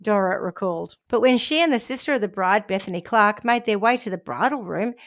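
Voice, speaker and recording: A woman's voice: medium pitch, expressive, brisk. Woman reading a crime story. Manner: reads a news story with asides and laughs. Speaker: podcast co-host. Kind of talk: casual chat, reading a crime story aloud.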